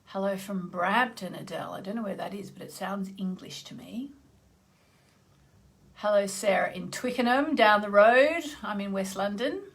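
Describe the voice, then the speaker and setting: Woman, mid-pitched, chatty live-stream astrologer who greets viewers and clears her throat often. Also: normal speed. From Australia (Tasmania). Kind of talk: casual live-stream chat.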